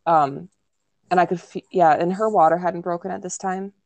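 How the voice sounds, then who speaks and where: A young podcast co-host with a lowish voice relates her birth story at normal speed, relaxed and conversational. She leans heavily on "like" and "um" and sometimes plays out quoted lines, and the audio is close and dry with no room around it.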